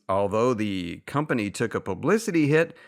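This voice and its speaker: A man's voice: mid-range voice, normal speed, gravelly. A man co-hosting a comedy podcast, reading topical joke headlines and laughing at his own punchlines. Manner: lively up-and-down delivery. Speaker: podcast co-host.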